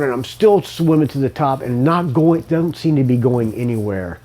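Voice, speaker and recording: A man's voice: medium pitch, expressive, normal speed, dark tone. A man hosting a podcast, telling a story casually, rambling and swearing, with a lingering cough. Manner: rambling, swearing, self-correcting. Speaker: podcast host.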